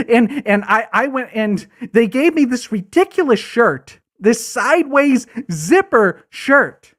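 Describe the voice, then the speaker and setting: A crude, coked-up has-been commercial actor, put on by a man for a comedy livestream. He rambles and stammers through a bitter rant, dragging his words out slowly while his pitch swoops up and down wildly. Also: sing-song, fairly bright tone, heavily acted. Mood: crude bragging. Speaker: livestream host.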